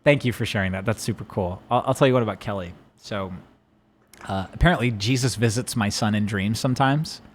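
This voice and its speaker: A man's voice: lowish voice, fairly quick. A man, a pastor hosting a casual chat podcast, who tells stories with animation and laughs often.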